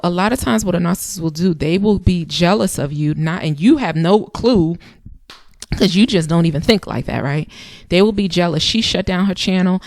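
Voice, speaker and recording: A woman's voice: fairly low pitch, darkish tone, dry recording, studio quality. A woman in her thirties hosting a channel, giving casual, emphatic advice in a conversational way and repeating phrases for effect. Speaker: channel host.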